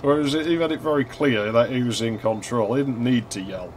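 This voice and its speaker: A man's voice: mid-range voice, brisk, slight background noise. A young man chatting casually while playing an old console game, telling a school story, laughing often and swearing freely. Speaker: gaming channel host. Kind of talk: casual gameplay commentary.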